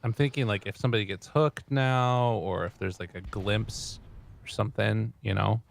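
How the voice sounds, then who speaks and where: Male co-caster, low and gravelly, relaxed, faint background noise. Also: normal speed. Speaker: esports commentator. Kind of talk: casual panel chat.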